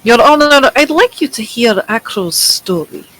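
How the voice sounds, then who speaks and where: A woman's voice: fairly high pitch, lively intonation, measured pace, a bit bright, rough recording. A woman voicing a haughty young female prosecutor with a stern, formal delivery.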